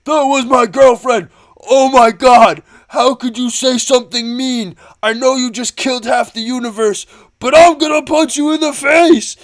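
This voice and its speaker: A man putting on the voice of a grieving male hero who sobs and shouts in rage. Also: extremely high pitch, moderate pace, voice pushed up. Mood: tearful fury.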